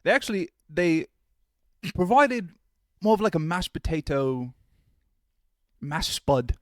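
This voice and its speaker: A man's voice: on the high side, very animated, slow pace, no echo, studio quality. A man co-hosting a podcast, telling stories in a rambling, casual way with lots of filler words. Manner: rambling storyteller, full of "like". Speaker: podcast co-host. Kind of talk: casual chat.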